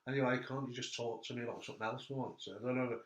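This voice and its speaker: An animated man hosts a relaxed chat, telling stories and laughing along with them. His voice sits at an ordinary pitch. It is recorded with noticeable room echo. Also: fast talker. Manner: animated storyteller, laughing at his own anecdotes. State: hurt back. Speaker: host. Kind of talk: casual chat. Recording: echoey room.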